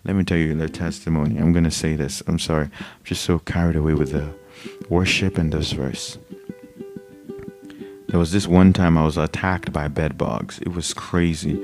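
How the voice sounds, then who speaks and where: A very deep-voiced male preacher delivering a fervent, unscripted sermon and prayer. Plucked guitar music plays clearly behind him throughout. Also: fairly even intonation, moderate pace. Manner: impassioned, spontaneous, rising to shouts. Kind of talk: sermon with prayer and worship singing.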